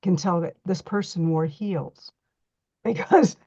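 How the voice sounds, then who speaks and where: A woman's voice: on the low side, slow pace, warm tone, dry recording, highs cut off. A middle-aged woman teaching a hands-on reflexology workshop, chatty and folksy as she demonstrates on a model foot.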